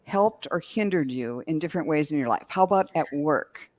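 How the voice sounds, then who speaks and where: A woman hosting an interview, prompting her guest with short, encouraging remarks and open questions. Her voice sits a little low for a woman, and the sound is dry and close. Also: expressive, normal speed, a little mellow, no echo. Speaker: interview host.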